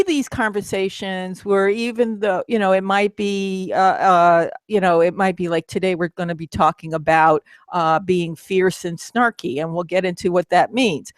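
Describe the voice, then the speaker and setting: A woman's voice: mid-range voice, no echo. A middle-aged woman co-hosting a casual talk, chatty, with many restarts and fillers. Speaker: co-host, midlife coach. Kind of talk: casual chat.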